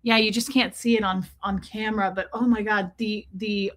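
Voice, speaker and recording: A woman's voice: medium pitch, steady tone, moderate pace. A woman chatting casually on a livestream, gushing over jewelry and greeting viewers by name. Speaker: livestream host.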